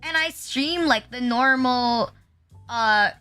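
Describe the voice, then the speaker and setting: High, bright young woman streamer. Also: slow, smooth, soft background music. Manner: rambling, heavy use of the filler "like", with self-deprecating laughs. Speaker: VTuber streamer. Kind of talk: casual live-stream chat.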